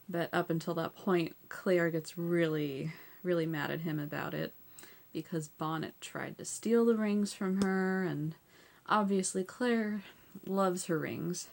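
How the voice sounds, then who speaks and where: A woman talks through a TV episode recap in an easygoing, chatty way, laughing often as she goes. Her voice sits fairly low and has a noticeable gravelly, creaky edge. She keeps filling her talk with casual "like" and "so yeah". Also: a little mellow.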